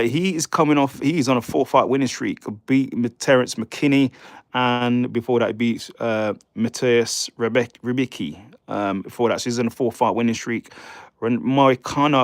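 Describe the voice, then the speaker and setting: A man's voice: medium pitch, moderate pace, creaky, no echo, studio quality. A man from the United Kingdom, hosting a casual live stream, rambling and stumbling over names while chatting with viewers. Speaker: livestream host.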